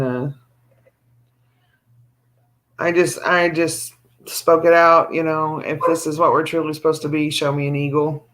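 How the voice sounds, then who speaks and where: Chatty higher-voiced man on a livestream. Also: a bit bright. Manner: chatty, storytelling, teasing. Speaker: livestream co-host. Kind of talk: casual livestream chat.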